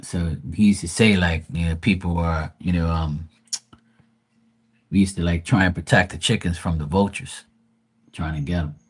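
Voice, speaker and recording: A man's voice: low voice, normal speed, slightly rough. A middle-aged man hosting a livestream, telling rambling family stories in casual chat, swearing freely and acting out quotes. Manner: profane, rambling, animated quoting of family. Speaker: livestream host.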